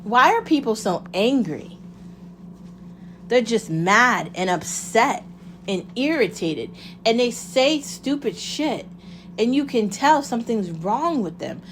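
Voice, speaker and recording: A vlogger with a fairly high, very animated female voice speaks slowly, straight to camera, with slight background noise. Her casual monologue is impassioned and blunt, with free swearing and rhetorical questions aimed at herself.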